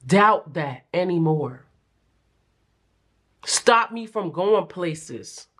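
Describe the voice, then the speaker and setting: A young adult woman giving a casual pick-a-card tarot reading, chatty and animated, with playful slang and frequent laughs. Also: on the low side, very slow. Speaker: tarot reader.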